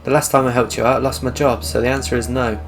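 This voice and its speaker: A man's voice: mid-range voice, level tone, quick pace, gravelly, close to an everyday voice. A man reading the lines of a strange, nervous former taxi driver in a video game. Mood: nervy. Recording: game music behind.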